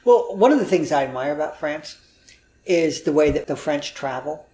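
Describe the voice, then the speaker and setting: An American man in his sixties with a wry, drawn-out storytelling manner, chatting casually as an interview guest in an apartment. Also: a little high, lively intonation, warm tone, slight background noise. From United States. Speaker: guest, humor writer. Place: apartment room.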